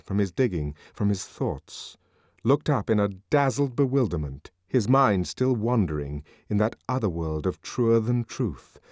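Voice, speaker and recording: A man narrating an audiobook with a dramatic, expressive reading. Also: on the low side, no echo, clean studio sound.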